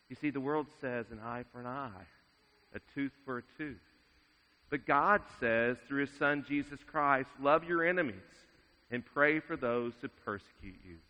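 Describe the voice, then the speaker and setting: A man preaching a sermon in a measured way, dropping his voice to a hush at solemn moments. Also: medium pitch. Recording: dull sound with long reverb in a large hall.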